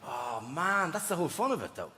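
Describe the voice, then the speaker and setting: A man's voice: on the high side, very animated, brisk, pushed and bright. A man doing live stand-up comedy, chatting with and teasing the crowd, often acting out voices. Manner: chatty, mocking, acts out voices. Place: large theatre stage. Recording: live theatre reverb, crowd noise. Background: audience laughter.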